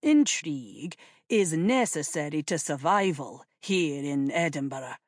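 A woman voicing a calm, earnest Highland chief who speaks in a measured, respectful way. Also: no echo, clean studio sound.

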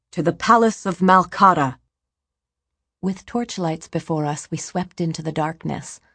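Woman reading an audiobook, slow and measured, creaky, dry close sound. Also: fairly low pitch, darkish tone, dry recording. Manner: measured, storytelling. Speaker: narrator. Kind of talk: audiobook narration.

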